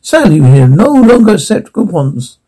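A man playing a pompous old mad scientist from Bavaria, who gives a grandiose, theatrical welcome speech in a husky voice. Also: sits high, very animated, normal speed, dark tone, heavily acted, poor audio. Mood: boastful. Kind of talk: TV drama acting.

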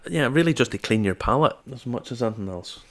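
A man's voice: mid-range voice, lively intonation, fast talker, slight background noise. A man hosting a casual chat who pairs whiskeys with food and talks through his reasoning with enthusiasm. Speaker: whiskey show host.

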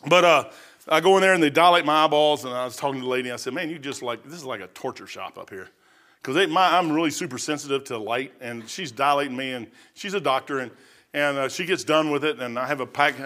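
An older man preaching a folksy, storytelling sermon, acting out the people in his stories. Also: mid-range voice. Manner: folksy, animated, acts out other people's voices. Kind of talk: testimony-style sermon, storytelling.

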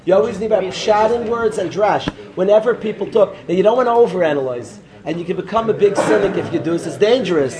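A man teaching as a rabbi in a lively class lecture, repeating phrases and calling on students by name. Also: high voice, quick pace, hardly any pauses, crowd noise.

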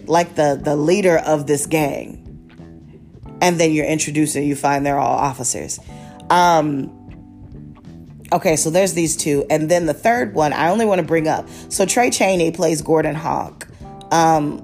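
A woman's voice: deep voice, darkish tone. A woman podcast host from Baltimore chatting casually about a TV series, rambling with restarts and fillers. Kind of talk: casual TV review chat.

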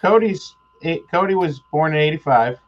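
A man in his forties chats as a podcast guest, laid-back and a little halting, chuckling at old memories. His voice sits slightly high. The sound is dull and lo-fi. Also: expressive. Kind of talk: casual chat.

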